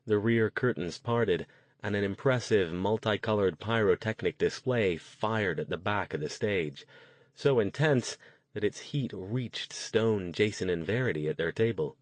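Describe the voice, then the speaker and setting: This male narrator, with a lowish voice, tells a novel's story in a calm, measured way. The scripted audiobook recording has no echo.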